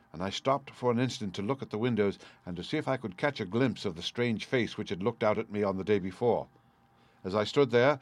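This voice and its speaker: A man narrating a story in the first person, measured and earnest, in a dry close recording. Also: lowish voice, no room sound. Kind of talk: scripted audiobook narration.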